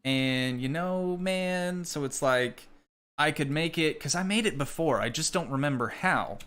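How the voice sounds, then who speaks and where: A young American man streaming a game, chatting casually with viewers and thinking out loud as he plays. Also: a little high, unhurried, clean tone. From United States. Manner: rambling, thinking aloud, talking to chat. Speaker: gaming streamer. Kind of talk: casual live gameplay chat.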